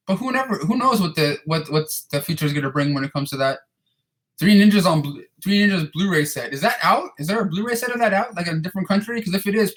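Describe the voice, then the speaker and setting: A man's voice: sits high, a bit bright. A man in his thirties casually answering viewer questions, rambling and profane, often repeating and restarting his words. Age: 30s. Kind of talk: casual chat.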